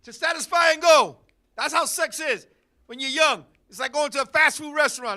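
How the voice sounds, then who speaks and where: A man hosting a talk show in a studio, telling a comedic story with loud bursts and laughing asides. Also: very high-pitched, normal speed. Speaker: podcast host.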